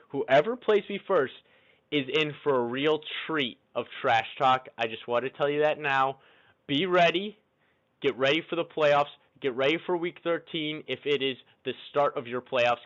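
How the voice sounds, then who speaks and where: A man's voice: mid-range voice, a bit bright. A young man giving casual fantasy football commentary, cocky and trash-talking as he builds hype for the playoffs. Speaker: fantasy football league podcaster. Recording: dull lo-fi recording.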